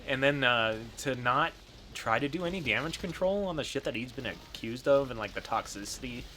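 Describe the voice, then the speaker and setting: Guy cohosting a nerd news podcast, loud reactions, lots of laughing, slight background noise. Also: medium pitch, brisk. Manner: laughs often, swears, animated reactions. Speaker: podcast co-host. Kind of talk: casual chat.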